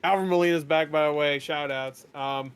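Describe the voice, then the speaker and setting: A young man hosting a podcast, rambling and swearing as he recaps a movie and acts out the characters in quick paraphrase. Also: a little high, fairly even intonation, clean tone. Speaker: podcast host.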